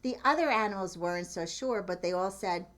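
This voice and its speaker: A woman's voice: mid-range voice, a little fast, a bit bright. A woman reading a picture book aloud, often chuckling and pointing out the pictures. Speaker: storyteller.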